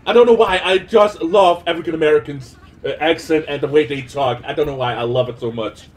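A man's voice: a little high, brisk. A man giving casual gameplay commentary, rambling and giggly with lots of hesitations. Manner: rambling, giggly, full of uh's. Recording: noisy gameplay capture.

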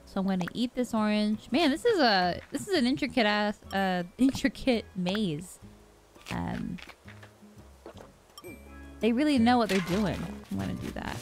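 A young woman chatting through a video game as she plays, excitable and gushing. Her talk is loose and casual, with soft game music in the background. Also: mid-range voice, a little slow. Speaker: gaming vlogger. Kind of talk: gameplay commentary. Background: faint game music.

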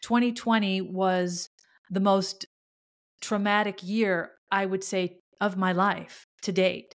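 A middle-aged woman hosting a podcast, telling a personal story in an earnest, halting, emotional way. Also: medium pitch, steady tone. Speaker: podcast host.

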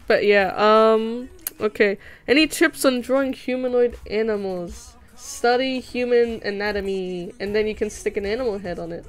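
A woman's voice: medium pitch, normal speed, few pauses, clean tone. A young woman, chatting and giggling with her chat at home while she draws. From Australia. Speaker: livestreamer. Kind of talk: casual livestream chat while drawing. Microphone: desk mic. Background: faint music playing.

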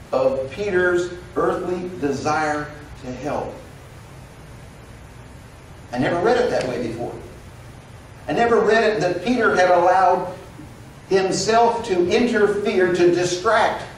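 Pastor preaching in a roomy sanctuary. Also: male voice, sits high, slight background noise. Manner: conversational, animated storytelling with quoted dialogue. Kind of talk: sermon. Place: church sanctuary. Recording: roomy echo, recorded from a distance.

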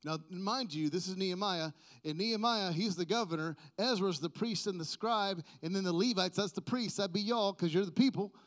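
A pastor preaching a casual, joking sermon, dropping to quiet asides and then building to loud, emphatic peaks. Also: male voice, high-pitched, brisk, few pauses. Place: church sanctuary.

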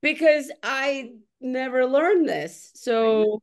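A woman hosting a casual podcast chat, English not her first language, telling stories in an animated way and swearing freely. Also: high-pitched, drawn-out words. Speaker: host.

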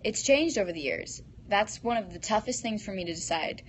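A woman's voice: mid-range voice, expressive, fairly quick, slight background noise. A teenage girl hosting a casual live stream, reading fan comments aloud and answering them in a bubbly, giggly way into a phone.

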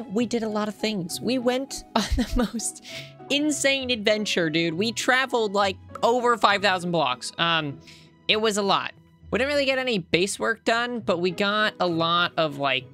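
A woman's voice: low-pitched, sharp tone. A woman hosting a gaming channel, giving casual, playful commentary as she plays and talks to herself and her viewers. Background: faint background music.

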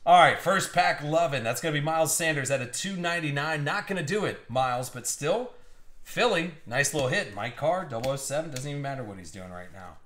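A man hosting a live card-break stream from a room at home, with excitable, teasing commentary and frequent laughs. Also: fairly high pitch, a little fast. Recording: roomy echo.

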